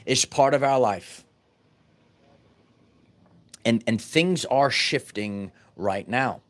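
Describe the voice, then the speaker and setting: A spiritual wellness vlogger gives his viewers a casual spiritual teaching talk in a medium-pitched, expressive voice at a slow pace. He's emphatic, with many repeated words and restarts.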